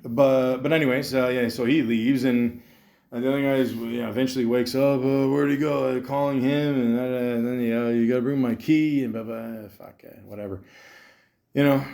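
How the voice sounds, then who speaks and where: A man's voice: mid-range voice, fairly even intonation, normal speed, dark tone. A man in his thirties from Canada hosting a podcast, telling a rambling story with lots of fillers and casual swearing. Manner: casual, profane, meandering with many fillers. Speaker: podcast host.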